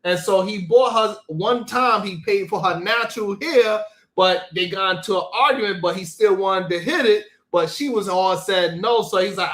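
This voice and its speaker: A man hosting a comedic livestream, reacting to clips with loud, incredulous, slang-heavy talk. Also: high-pitched, normal speed, roomy sound. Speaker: livestream host.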